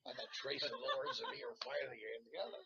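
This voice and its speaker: Animated, gravelly man telling stories. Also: mid-range voice, fast talker, very noisy. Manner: animated, profane storyteller. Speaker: guest actor. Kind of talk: casual anecdote telling. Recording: dull lo-fi sound.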